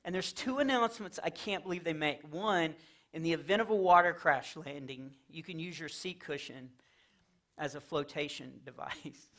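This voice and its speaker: A Texan man with a somewhat high, slightly bright voice talks at a normal speed. He's doing a chatty, playful stand-up comedy set for a live church audience in a fellowship hall, slipping into silly character voices for his jokes.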